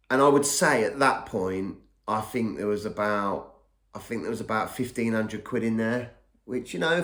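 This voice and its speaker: Rambling middle-aged man, echoey. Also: on the low side. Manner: rambling, repeats and restarts words. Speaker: podcast host telling his own story. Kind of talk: casual storytelling. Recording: echoey room.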